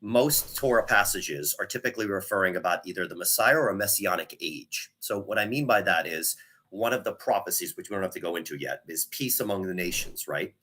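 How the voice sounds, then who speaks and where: Husky guy talking fast in a live debate, lots of restarts. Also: deep voice, lively intonation, sharp tone. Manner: fast, hedging, many restarts and "right?" tags. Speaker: debate participant. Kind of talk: live online religious debate.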